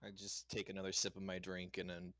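A man playing a tabletop game, describing his character's actions in a relaxed way. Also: sits low, brisk, dry recording. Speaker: player. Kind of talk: casual tabletop play.

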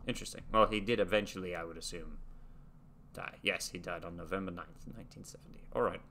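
A man's voice: low voice, fast talker, creaky, pushed and bright, a little hiss or hum. A young American man casually reading facts aloud and musing, hosting a reaction video. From United States. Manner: reads facts aloud, muses and trails off.

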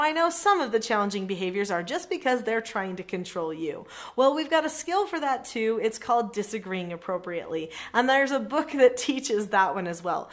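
A middle-aged woman coaching parents in a direct-to-camera lesson, earnest and encouraging, telling a story from her work. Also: mid-range voice.

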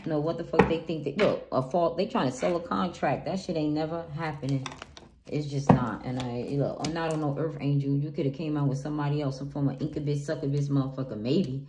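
Low-voiced, blunt, cussing tarot reader woman. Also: steady tone, a little fast. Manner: blunt, profane, hyped-up and emphatic. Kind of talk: casual tarot reading monologue. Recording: noisy home recording.

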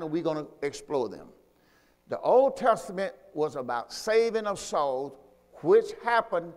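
High-voiced man preaching in a reverberant hall. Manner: call-and-response preaching, asks congregation to repeat; repetitive, emphatic teaching delivery. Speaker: pastor. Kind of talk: sermon. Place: church.

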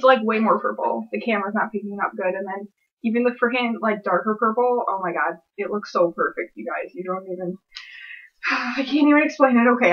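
A woman's voice: medium pitch, dull audio. A young woman vlogging an unboxing at home, gushing and giddy, with lots of filler words. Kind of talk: excited unboxing vlog.

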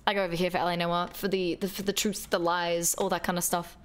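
A woman's voice: lowish voice, level tone, quick pace. A woman streaming a game live, chatting casually, swearing freely and singing along in bursts. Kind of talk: casual livestream chat while gaming. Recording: music playing under the voice.

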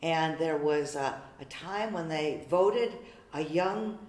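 A woman's voice: low-pitched, slow pace, darkish tone. An older woman telling her personal story in a heartfelt, chatty way during a church interview. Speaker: parishioner. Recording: roomy church echo.

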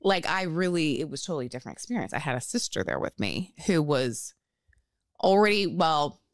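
Woman co-host, low voice, dry close sound, animated storyteller who swears and laughs a lot. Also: a little fast, dry recording. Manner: animated storytelling, acts out family quotes, swears, laughs often. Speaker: podcast co-host. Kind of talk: casual chat with sisters.

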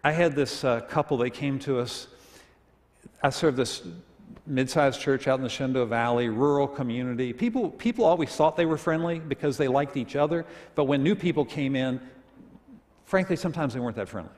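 A man's voice: mid-range voice, expressive, a little fast, a little mellow. A man preaching a sermon in a church sanctuary, telling folksy humorous stories and leading the congregation in reading aloud. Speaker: pastor. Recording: echoey church hall.

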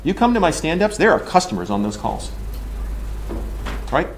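Animated man ranting at a conference. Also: on the high side, moderate pace, slight background noise. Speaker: engineering leader. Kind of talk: conference talk. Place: conference room.

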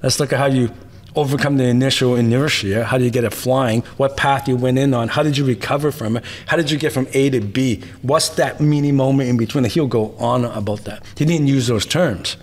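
A man's voice: mid-range voice, fairly even intonation, brisk. Man, martial arts teacher, interview guest; emphatic storyteller, mid-range voice, repeats phrases for punch, casual with the odd curse. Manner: emphatic, tags points with "right?"; repetitive rhetorical lists.

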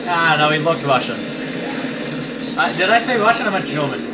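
Brief: higher-pitched man, silly let's play co-host, loud game music underneath. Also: sing-song, normal speed. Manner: goofy, joking banter. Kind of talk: casual game commentary. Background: loud video game music.

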